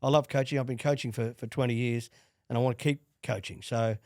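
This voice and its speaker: A middle-aged Australian man, a former player and coach, telling animated stories in a casual interview. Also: medium pitch, fairly quick, no room sound, clean studio sound. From Queensland, Australia. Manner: animated storyteller with restarts and laughs. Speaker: guest, former rugby league player and coach.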